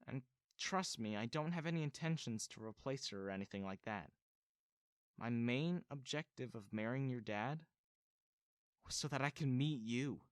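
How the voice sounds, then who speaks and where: A man voicing a young stepmother who speaks gently and calmly. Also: mid-range voice, normal speed, no echo, studio quality, close to an everyday voice. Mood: gentle calm. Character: young stepmother, sweet and calm.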